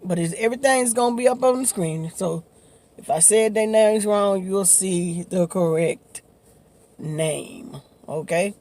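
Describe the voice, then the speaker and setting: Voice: medium pitch, a little slow, a little mellow. A vlogger, chatting casually while eating on camera, laughing often and talking in loose, informal slang. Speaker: mukbang vlogger.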